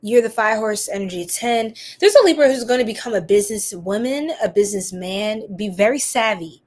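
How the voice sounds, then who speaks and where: A woman's voice: mid-range voice, animated, a little fast, darkish tone. A woman hosting a live tarot reading, chatty and giggly, rambling with lots of fillers.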